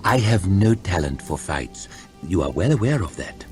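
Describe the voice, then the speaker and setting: A man's voice: low-pitched, sing-song, normal speed, faint music behind. A man voicing a fussy, self-satisfied male navigator who speaks primly. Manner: prim, murmuring.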